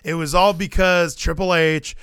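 A man in his thirties co-hosting a casual wrestling podcast, excitable and given to acting out commentators and wrestlers. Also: a little high, normal speed, smooth, no echo, studio quality. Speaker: podcast co-host.

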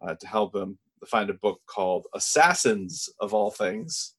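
A man co-hosting a podcast, casually recapping a TV episode from his notes in a relaxed, measured way. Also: on the low side, breathy edge. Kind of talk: casual chat.

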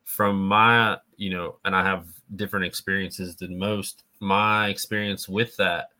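A man with a very low but bright voice talks casually. He gives his opinions in a reflective, measured way. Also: flat delivery. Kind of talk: casual chat.

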